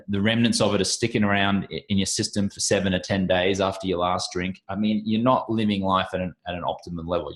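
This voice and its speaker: A middle-aged Australian man, a podcast guest, talking in a brisk, confident, punchy way. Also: lowish voice. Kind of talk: casual interview talk.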